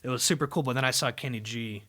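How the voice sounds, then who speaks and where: A man hosting a podcast, telling a story in a casual, animated way, swearing and acting out what people said. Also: medium pitch, quick pace. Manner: animated, swears, acts out quotes. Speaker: podcast host. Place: live podcast venue.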